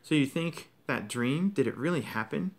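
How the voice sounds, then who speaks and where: A man reading aloud, voicing a curious, anxious teenage boy wizard a little higher and quicker than his own voice. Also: expressive.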